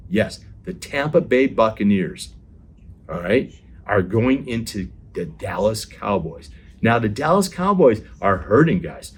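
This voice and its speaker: A man hosting a sports show, giving excitable football game predictions and talking straight to his viewers, often repeating himself. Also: medium pitch, slightly rough. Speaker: NFL show host and analyst.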